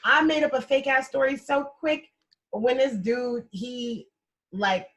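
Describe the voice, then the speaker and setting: A woman co-hosting a casual podcast chat, telling animated stories and laughing often. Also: high voice, a little slow. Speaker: podcast co-host.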